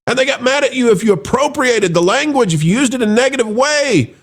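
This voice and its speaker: A middle-aged man hosts an opinionated commentary show, talking sarcastically and mockingly while his voice swings dramatically from high to low.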